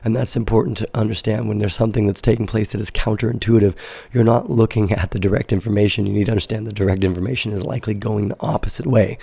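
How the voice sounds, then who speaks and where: A man's voice: fairly low pitch, steady tone, fast, creaky, dark tone, slightly rough, no room sound. A man hosting a market show, walking through charts in casual commentary, thinking aloud with ums and self-corrections. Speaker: crypto market analyst host.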